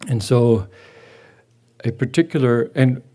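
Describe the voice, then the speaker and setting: Soft-spoken older man telling a memory. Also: medium pitch. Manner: halting, with many restarts and soft pauses. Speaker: devotee sharing a memory. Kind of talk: personal storytelling at a memorial gathering. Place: gathering hall with a live audience.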